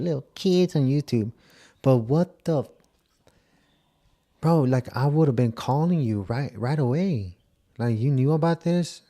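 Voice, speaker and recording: A man's voice: medium pitch, animated, measured pace, dark tone. A man giving blunt, casual reaction commentary, with swearing and stop-start phrasing. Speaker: reaction video host.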